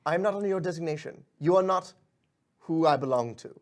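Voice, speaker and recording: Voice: medium pitch, brisk, lightly acted. A game master voicing a small, courteous pixie servant with a formal, deferential manner. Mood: prim.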